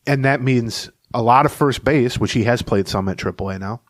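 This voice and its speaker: A man's voice: mid-range voice, normal speed, no echo, studio quality. Chatty man telling a clubhouse story. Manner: rambling anecdotal storyteller, chuckles while telling stories. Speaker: podcast co-host and beat reporter. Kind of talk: casual sports podcast chat.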